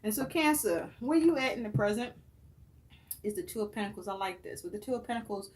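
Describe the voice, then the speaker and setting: A woman's voice: mid-range voice, expressive, fairly quick. A woman giving a tarot reading in a casual, profane and emphatic way, speaking straight to the viewer. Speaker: tarot reader.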